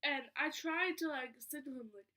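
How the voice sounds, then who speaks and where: A woman's voice: high-pitched, normal speed, pushed and bright. A young woman telling a story in a casual vlog, rambling and filling her speech with "like" as she stumbles over words. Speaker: vlogger.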